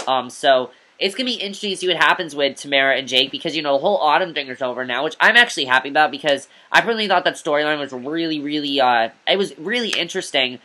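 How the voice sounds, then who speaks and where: A man's voice: on the high side, expressive, fast talker, few pauses, bright, forceful tone, a little hiss or hum. A man giving a casual, rambling review of a TV episode, eager and repetitive, with lots of fillers. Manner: rambling, eager, repeats himself with many fillers.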